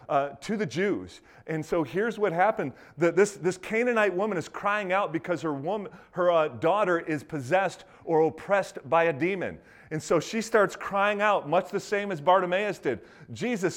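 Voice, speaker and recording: Animated, conversational man preaching. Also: high-pitched. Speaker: pastor. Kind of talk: sermon.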